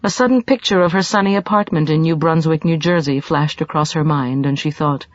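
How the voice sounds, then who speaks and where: A woman's voice: sits low, fairly quick, hardly any pauses, no echo. A woman narrating an audiobook in a scripted, dramatic reading with shifting emphasis, recorded in a dull lo-fi, dry way.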